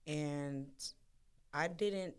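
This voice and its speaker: A woman's voice: low-pitched, extremely slow, clear, resonant tone. A woman, co-hosting a podcast in casual chat, telling stories candidly with slang. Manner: candid, animated storytelling with slang. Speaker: podcast co-host.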